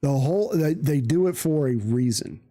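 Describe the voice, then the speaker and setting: Profane, animated man telling a story. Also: fairly high pitch, moderate pace. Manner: profane, animated, acts out quoted voices. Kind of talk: casual storytelling.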